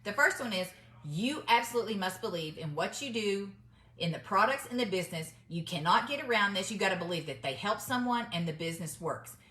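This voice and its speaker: A woman's voice: medium pitch, lively intonation, brisk, pushed and bright, echoey room. A middle-aged woman, telling a story to her viewers in a chatty, emphatic way and calling them y'all. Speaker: vlogger giving business mindset advice. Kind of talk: casual storytelling to camera.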